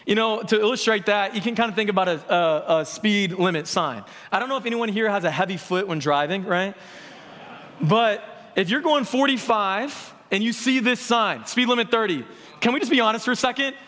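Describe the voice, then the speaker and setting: A man's voice: sits high, animated, moderate pace, fairly bright tone. A young man preaching a sermon in an earnest, conversational way, asking the audience questions. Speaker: pastor. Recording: long hall reverb.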